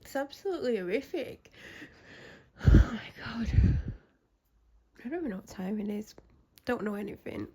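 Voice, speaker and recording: A woman's voice: on the high side, expressive, moderate pace, long pauses, mellow, breathy edge. A young woman rambles anxiously in a casual vlog chat, often interrupting herself. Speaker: vlogger.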